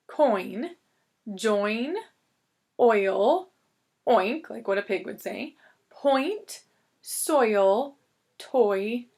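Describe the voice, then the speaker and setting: A woman teacher giving a recorded reading lesson to young students, sounding out words slowly and patiently. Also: mid-range voice, a little mellow.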